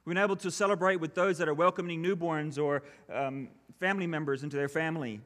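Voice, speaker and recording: A pastor delivering a sermon, reading scripture and then preaching in an earnest, measured way. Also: male voice, a little high, steady tone, a bit bright.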